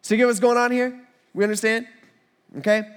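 High-voiced casual preacher. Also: male voice, a little fast, clear, resonant tone. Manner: casual, animated, conversational preaching. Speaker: pastor. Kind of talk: sermon.

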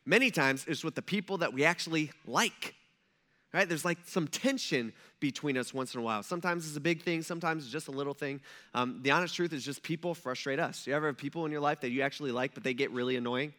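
A pastor gives a sermon in a high, bright voice. He talks to the congregation casually, slipping in joking asides and quick questions. The talk has the loose feel of a conversation, not a formal address.

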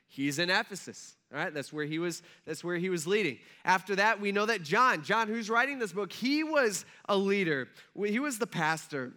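A man's voice: a little high, sharp tone. A male pastor giving a casual, conversational sermon with asides to his congregation.

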